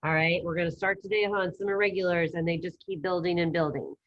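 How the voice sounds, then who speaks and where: A woman teaching an online language class, giving brisk, upbeat coaching over a video call. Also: fairly low pitch, steady tone, highs cut off. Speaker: Spanish teacher.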